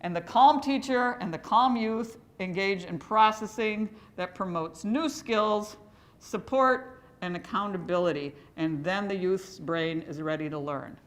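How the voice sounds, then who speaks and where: A woman's voice: mid-range voice, measured pace. A woman presenting a live training workshop to educators, talking in a conversational way and joking with the audience. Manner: conversational, chatty, jokes with the audience.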